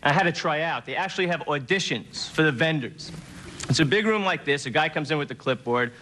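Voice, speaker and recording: Young man doing deadpan stand-up. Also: a little high. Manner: deadpan, puts on many quick character voices. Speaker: stand-up comedian. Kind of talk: stand-up routine. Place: TV studio stage before a live audience.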